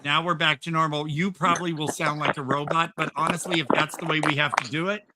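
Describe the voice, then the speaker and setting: A man's voice: on the high side, steady tone, fast talker, very noisy. A man hosting a casual podcast chat, talking in an enthusiastic, rambling way with lots of "um"s and restarts. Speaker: podcast host.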